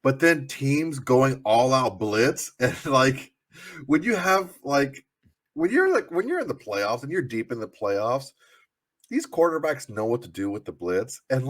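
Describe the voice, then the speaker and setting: A man co-hosting a sports podcast, telling loose, profane stories full of fillers. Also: medium pitch. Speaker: podcast co-host. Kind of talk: casual sports chat.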